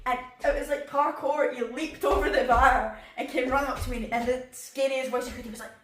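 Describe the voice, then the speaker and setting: Brief: young Scottish woman, storytime vlogger, animated and laughing, slightly high voice. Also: a little fast, a little hiss or hum. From Scotland. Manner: animated, laughing, acts out quotes. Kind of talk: casual storytime chat.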